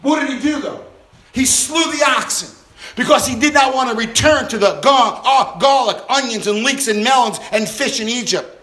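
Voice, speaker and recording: A man preaching a sermon to a responsive congregation, impassioned and swinging between loud exhortation and hushed intensity. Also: very high voice, moderate pace. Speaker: pastor. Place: church sanctuary with congregation. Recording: roomy church reverb.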